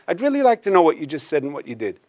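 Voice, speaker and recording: A man playing an inquisitive, well-traveled surgeon in a told story, asking earnest questions. The voice sits a bit high for a man. The sound is dry and close. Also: wildly swooping pitch, racing, darkish tone, dry recording. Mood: curious. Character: worldly, curious male surgeon.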